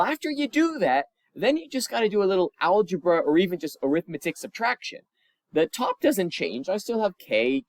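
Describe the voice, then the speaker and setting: A man's voice: fairly high pitch, dry recording. A male physics teacher talking through homework solutions in a chatty, encouraging way, recorded at his computer. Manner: lively, chatty and encouraging, with asides.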